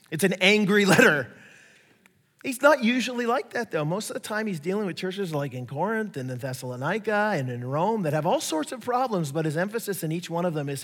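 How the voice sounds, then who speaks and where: A man preaching a sermon, telling stories in a lively way and acting out the voices of the people he quotes. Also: sits high, a little fast. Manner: animated storytelling, acts out quoted voices. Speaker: pastor. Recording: echoey hall reverb.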